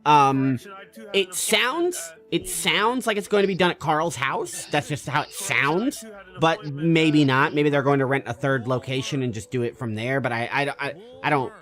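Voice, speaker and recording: A man's voice: on the high side, unhurried, soft background music. A man streaming a game and chatting loosely with a friend on a voice call, with hesitant restarts. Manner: relaxed, hesitant, many "uh" and restarts. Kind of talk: casual voice-chat while gaming.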